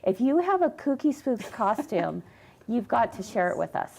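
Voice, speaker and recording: A woman in her fifties hosting a live sewing show. She talks in a chatty, giggly way. Her voice sits a touch high and swings widely in pitch. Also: big pitch swings, normal speed, vocal fry, darkish tone. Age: 50s. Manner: giggly, chatty, often laughing. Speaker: host. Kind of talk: casual live-show chat.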